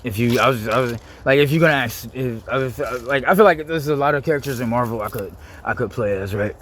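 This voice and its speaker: A young man, rambling casually to camera, full of "like" and quick to laugh. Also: mid-range voice, fairly bright tone, a little hiss or hum. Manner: rambling, heavy use of "like", laughs easily. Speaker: vlogger.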